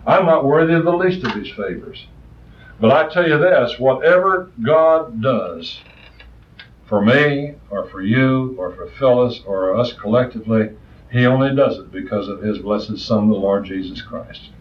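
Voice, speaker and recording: A man preaching a sermon with passion, his voice swinging between loud rises and soft, quiet asides. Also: medium pitch, lively intonation, a little slow. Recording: distant, roomy, muffled old recording.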